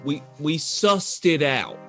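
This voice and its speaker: A man's voice: a little high, sing-song, slow pace, bright, forceful tone, faint music behind. A man playing a tabletop game, talking casually and jokingly. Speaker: player.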